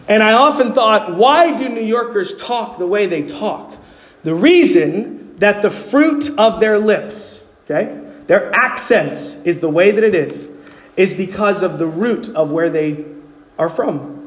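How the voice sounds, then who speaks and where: A man preaching a sermon as pastor, earnestly asking his congregation questions as he explains. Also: high-pitched. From New York City. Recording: long hall reverb.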